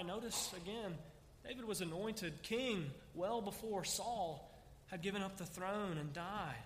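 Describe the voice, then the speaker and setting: A man's voice: high voice, unhurried, big-room sound. A man preaching a sermon, emphatic and full of rhetorical questions. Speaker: pastor.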